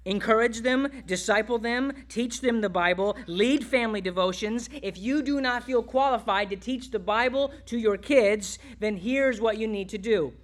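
A male pastor preaching a sermon, exhorting the congregation and dropping to quiet, tender asides. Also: high-pitched.

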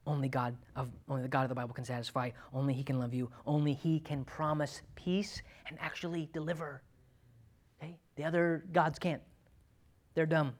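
A man's voice: on the high side, level tone, fairly quick. A man preaching a sermon in an emphatic, conversational way, often checking in with "okay?" and "right?". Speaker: pastor.

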